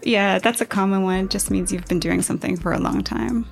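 A woman's voice: mid-range voice, steady tone, a little fast, gravelly, music in the background. A woman from Portugal chatting casually as a guest, telling stories with quoted asides and frequent laughter. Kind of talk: casual chat.

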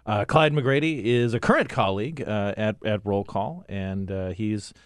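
A man's voice: on the low side, no room sound. A man guest-hosting a political talk show in the studio, chatting casually with lots of restarts and fillers. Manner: halting, many restarts and fillers. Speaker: guest host. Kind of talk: casual podcast chat. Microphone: studio mic.

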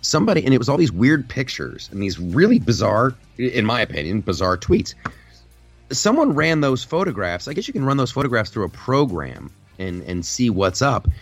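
A man hosting a podcast, chatting casually and telling a rambling story with lots of restarts. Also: fairly low pitch. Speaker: podcast host.

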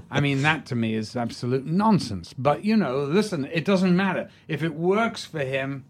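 A man's voice: on the high side, lively intonation, moderate pace. Older Englishman telling theatrical stories. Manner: theatrical storytelling, hesitant restarts. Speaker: guest actor. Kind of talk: anecdotal interview talk.

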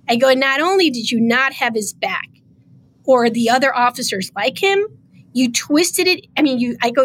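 A woman guest on a podcast, emotional as she tells a story in conversation and acts out the quoted lines. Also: on the high side. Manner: animated, acts out quoted dialogue. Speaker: podcast guest, state official.

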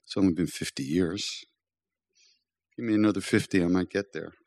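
An older man giving a storytelling spiritual talk, gently humorous and self-deprecating, as a teacher and podcast host. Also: low-pitched, moderate pace.

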